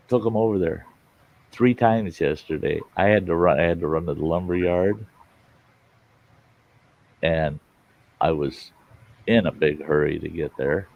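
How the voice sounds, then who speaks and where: A man's voice: a bass voice, moderate pace, creaky, pauses often, darkish tone. A man hosting a live stream, chatting casually with viewers and telling rambling folksy stories that act out what people said. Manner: folksy, rambling storyteller who acts out dialogue. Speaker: host of a live storytelling stream. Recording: dull lo-fi sound.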